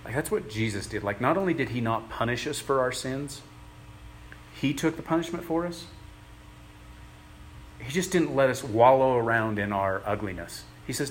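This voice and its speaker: A man giving a conversational sermon, earnest and plain-spoken, pausing often as he works through his thoughts. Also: medium pitch, expressive, slight background noise. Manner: earnest, plain-spoken, halting with many pauses. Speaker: preacher.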